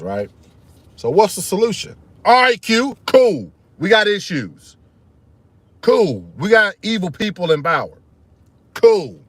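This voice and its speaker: A fired-up man ranting live to his viewers with a high voice. He hammers his points home, repeats key phrases and talks to the audience as y'all. The sound is dry and close. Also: no room sound. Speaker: channel host streaming live. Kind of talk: casual live-stream rant to viewers.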